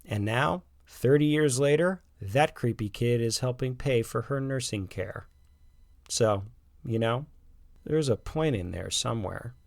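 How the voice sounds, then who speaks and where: A man's voice: mid-range voice, expressive, unhurried, creaky, a little mellow, dry recording, studio quality, pitched above the performer's own voice. A man doing a joking, playful suburban dad. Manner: playful, teasing.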